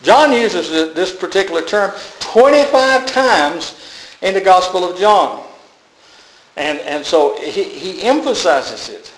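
A man with a high voice preaching a sermon, emphatic, often doubling back and repeating himself. The sound carries a roomy echo, as if from a church sanctuary. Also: lively intonation, unhurried.

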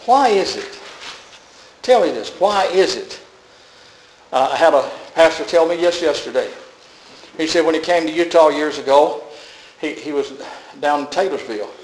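A man's voice: on the high side, expressive, moderate pace, pauses often, echoey room, a little hiss or hum, rough recording. A man preaching a sermon emphatically, often repeating words and restarting.

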